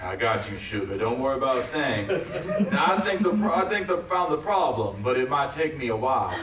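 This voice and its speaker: A man's voice: medium pitch, sing-song, brisk, fairly bright tone, slight background noise. Creepy southern roadside stranger, played by a man, sweet-talky drawl, roomy stage sound from a distance. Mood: sly. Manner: drawling, calls her sugar and darling. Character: creepy flirtatious middle-aged male roadside stranger. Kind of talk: staged play reading. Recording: roomy theatre, mic far off.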